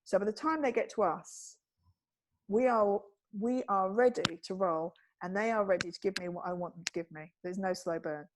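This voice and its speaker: A woman's voice: normal speed, background noise. A woman and TV producer, telling stories with wit and acting out the quoted voices. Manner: witty, acts out quoted voices with big pitch jumps. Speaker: guest, TV producer and speaker. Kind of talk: animated storytelling in conversation.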